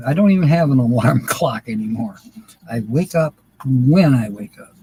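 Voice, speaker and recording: A man's voice: mid-range voice, lively intonation, measured pace, warm tone, slight background noise, rough recording. An older man hosting a livestream word game, chatting casually and chuckling often as he reads out viewers' names. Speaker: livestream host. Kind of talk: casual live chat during a word game.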